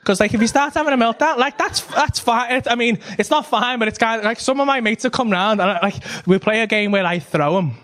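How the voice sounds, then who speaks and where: A man's voice: extremely high pitch, fast, few pauses, a bit bright. A man doing a stand-up comedy set, telling a rambling, sweary story full of fillers. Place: comedy club stage. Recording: noisy live club recording. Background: audience laughter.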